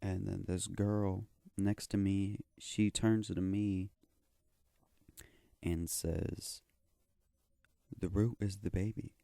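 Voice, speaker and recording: A man's voice: deep voice, creaky, mellow, no echo, studio quality. A young man telling a story in a rambling, profane, slangy way. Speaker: vlogger. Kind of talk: casual storytelling.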